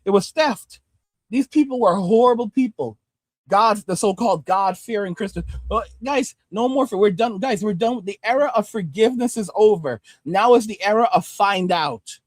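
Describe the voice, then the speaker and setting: A man with a high-pitched voice rants on a livestream, blunt and heated, swearing constantly. He speaks close to a studio microphone at his home desktop, the sound dry with almost no room in it. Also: normal speed, dry recording. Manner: blunt, heavily profane, heated. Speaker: livestream host. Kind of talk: ranting commentary and reading viewer comments. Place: home desktop streaming setup.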